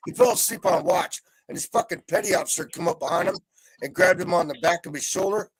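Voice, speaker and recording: Gravelly, cursing man ranting on a call. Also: high-pitched, quick pace, dry recording. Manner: heavy cursing, swings between calm and yelling. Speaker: panel guest. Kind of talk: profane venting rant. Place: home, live video call. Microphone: video call mic.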